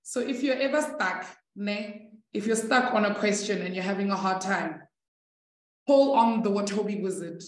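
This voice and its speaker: A woman's voice: mid-range voice, moderate pace. A chatty, encouraging woman teaching a live online maths class, laughing easily with her students. Her voice rings with the echo of the room around her. She is from South Africa.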